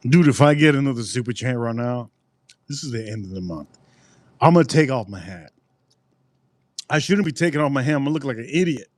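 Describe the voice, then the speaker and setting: A man hosts a casual live stream, talking to his chat about food. He rambles and repeats words as he goes. His mid-pitched voice sounds close and dry. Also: animated, brisk, pauses often, dry recording. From United States.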